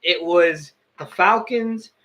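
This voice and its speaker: A man's voice: sits high, takes it slowly, a bit bright. A young man giving casual, opinionated sports commentary, often correcting and restarting himself.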